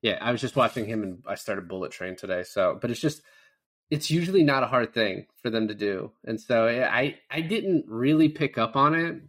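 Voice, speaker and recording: A man's voice: medium pitch, animated, moderate pace, fairly bright tone. A man in his thirties co-hosting a casual movie review podcast, loose and rambling with lots of restarts. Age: 30s. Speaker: podcast co-host.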